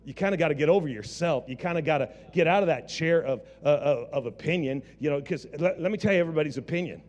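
A man's voice: on the high side, fast talker, few pauses, a little mellow, faint music behind. Guy preaching hard, lotsa restarts, big echoey hall. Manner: impassioned preaching with many restarts. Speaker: pastor. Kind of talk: sermon. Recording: long hall reverb.

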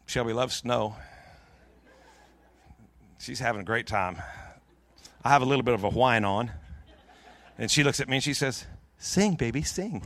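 A middle-aged man preaching in a church, telling a long personal story in a jokey, lively way with many restarts. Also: medium pitch, normal speed, long pauses. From Pacific Northwest of the US. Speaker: pastor. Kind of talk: storytelling sermon.

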